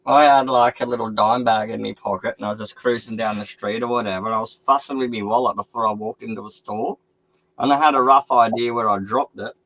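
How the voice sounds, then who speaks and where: A man's voice: medium pitch, fairly bright tone, poor audio. An Australian man telling casual stories in a laid-back, swearing manner. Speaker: stream co-host. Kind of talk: casual storytelling.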